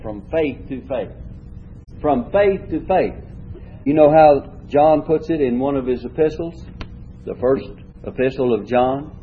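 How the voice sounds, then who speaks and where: A man teaching a Bible lesson, reading scripture slowly and stressing different words as he explains. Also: fairly high pitch, slight background noise. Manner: measured teaching, reads scripture slowly with shifting emphasis. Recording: dull lo-fi recording.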